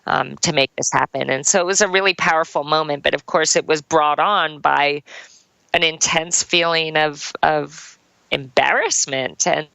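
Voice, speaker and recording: A woman's voice: sits low, moderate pace, gravelly, bright, forceful tone, no echo, rough recording. A woman and former triathlon champion turned coach tells a personal story in an interview, earnest and heartfelt, with many "like" fillers.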